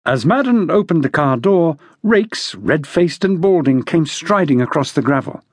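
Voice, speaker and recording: A man reading an unabridged mystery novel as audiobook narrator in a measured, expressive manner. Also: fairly high pitch, dry recording, studio quality. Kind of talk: scripted narration.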